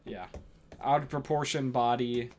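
A man co-hosting a casual podcast, relaxed and joking, sometimes swearing. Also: medium pitch, unhurried. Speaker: podcast co-host. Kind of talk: casual chat. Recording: noisy recording.

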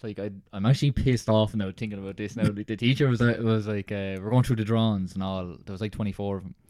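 A man's voice: lowish voice, steady tone, fast, darkish tone, no echo. A young Irish man in his twenties, co-hosting a podcast and telling rambling stories full of "like" fillers. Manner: rambling storyteller, many "like" fillers. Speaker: podcast co-host. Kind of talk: casual chat.

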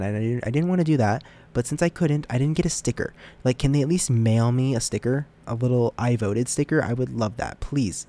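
A man's voice: medium pitch, mellow. Young man, casual podcast host, rambling, self-deprecating, stumbles over words. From United States. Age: young adult. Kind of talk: casual solo podcast chat.

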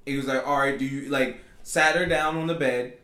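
A man's voice: medium pitch, steady tone, fairly quick, sharp tone. A man co-hosting a casual podcast, telling a story in a loose, rambling way and acting out what people said. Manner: rambling storyteller, acts out quotes. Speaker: podcast co-host. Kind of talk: casual chat. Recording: echoey room.

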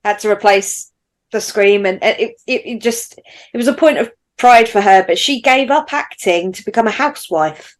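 Female co-host, storytelling, relaxed with restarts. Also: medium pitch, moderate pace. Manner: recounts facts with many restarts. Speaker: podcast co-host. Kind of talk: casual chat.

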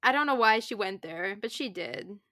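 A woman's voice: medium pitch, animated, normal speed, sharp tone, no room sound, clean studio sound. A young woman co-hosting a book podcast, chatting casually and rambling, sometimes humming to herself. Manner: rambling, hums and scats playfully. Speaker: podcast co-host.

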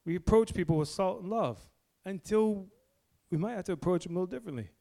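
A man in his forties preaching a blunt, fiery sermon to a men's group indoors, moving between low, quiet stretches and loud exhortation. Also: quick pace, creaky. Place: indoor room with a gathered group.

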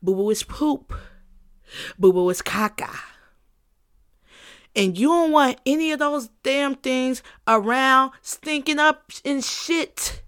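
A woman's voice: high voice, takes it slowly, pauses often, fairly bright tone, clear, resonant tone. Emphatic, repetitive woman podcaster. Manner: emphatic and repetitive, with frequent profanity; playful, breaks into laughter. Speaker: podcast host. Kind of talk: casual solo podcast monologue.

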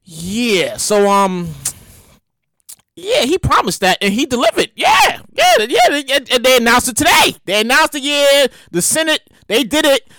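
Animated, slangy New woman. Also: high voice, measured pace, no echo. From New York. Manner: animated, slangy, acts out quoted voices. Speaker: commentator. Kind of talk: casual news commentary.

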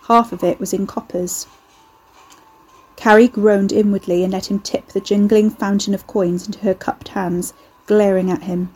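A woman narrates a storybook in a steady, dry manner. Her voice is mellow and warm, with a soft husky edge. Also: medium pitch, moderate pace. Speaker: audiobook narrator.

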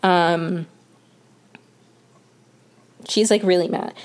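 A woman's voice: on the low side, fairly even intonation, extremely slow, a little mellow. A young woman casually recapping a TV episode, chatty and full of fillers and restarts. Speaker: show recap host.

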